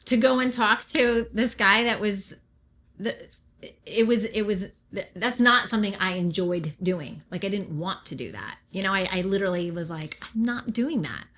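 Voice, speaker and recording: A woman's voice: mid-range voice, normal speed. A middle-aged woman from Oregon, a pastor telling her personal faith story as an interview guest, acting out the remarks she quotes. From Oregon, USA. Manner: animated storyteller who acts out her own and others' remarks.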